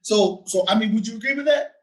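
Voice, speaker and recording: Man, 30s, lively conversational podcast co-host, brightish pitch, laughs easily. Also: fast talker, poor audio. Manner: animated, laughing, frequent "right?" tags. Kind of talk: casual conversation.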